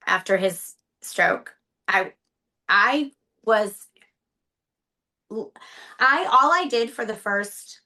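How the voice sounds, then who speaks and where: Bright-voiced candid woman. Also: mid-range voice. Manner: candid, tearful at times, many restarts. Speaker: stroke survivor's partner, guest. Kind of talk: emotional interview conversation.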